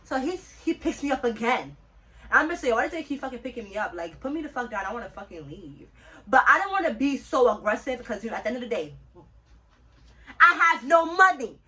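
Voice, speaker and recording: A young woman from New City, telling a story in a casual, animated and profane way. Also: a little high, a little fast, far from the mic. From New York City. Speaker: storytime vlogger.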